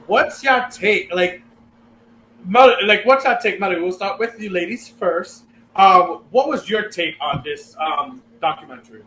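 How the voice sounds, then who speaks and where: A man's voice: high-pitched, a little slow, bright, forceful tone, a little hiss or hum. A man hosting a podcast in a loose, playful chat, laughing often. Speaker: podcast host. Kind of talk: casual chat. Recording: roomy echo with faint ambience.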